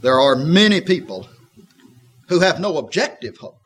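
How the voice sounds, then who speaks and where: A man giving a conversational Bible teaching, folksy and reflective, with a husky voice. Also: a little high, big pitch swings, moderate pace, fairly bright tone, a little hiss or hum, low-quality recording. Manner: folksy and reflective, voices the woman with a tart, skeptical edge. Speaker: preacher.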